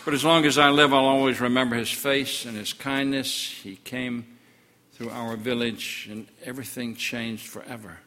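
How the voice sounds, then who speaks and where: An older man preaching in the first person as an awestruck twelve-year-old village boy, earnest, his voice sinking low in the sorrowful parts. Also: fairly even intonation, moderate pace, pushed and bright, long reverb tail, lightly acted. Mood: grieving, awed. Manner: earnest storytelling, voice drops low in sorrowful passages. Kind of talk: first-person story sermon.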